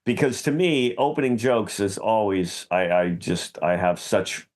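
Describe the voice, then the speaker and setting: A man co-hosting a comedy podcast, chatting about joke writing, halting and repeating words as he thinks. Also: fairly low pitch, darkish tone. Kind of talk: casual chat about writing jokes.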